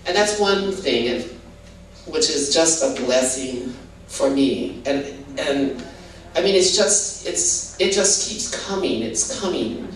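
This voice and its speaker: A guest giving her testimony, an older woman from Hawaii, talks slowly in a low, animated voice. She wanders casually through her account, often restarting and leaning on "you know." The recording sounds roomy and distant, with faint background noise.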